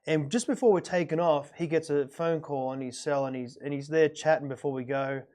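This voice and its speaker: A man's voice: fairly high pitch, brisk. A middle-aged man from Australia telling a long personal story in a casual podcast chat, rambling and repeating himself. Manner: rambling, repeats words, warm anecdotal. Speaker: podcast host.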